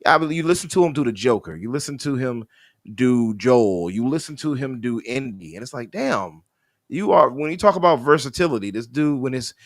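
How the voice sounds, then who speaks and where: A man co-hosting a gaming podcast, talking in a casual, animated way with restarts. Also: mid-range voice, fairly quick, dry recording. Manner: animated, laughing, trails off and restarts. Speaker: podcast co-host. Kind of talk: casual chat.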